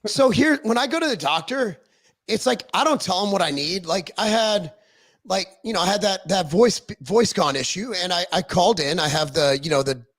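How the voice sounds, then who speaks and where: A man hosting a casual talk stream, telling profane, animated stories about running his business. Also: sits high, moderate pace. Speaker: podcast co-host; business owner. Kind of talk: casual chat.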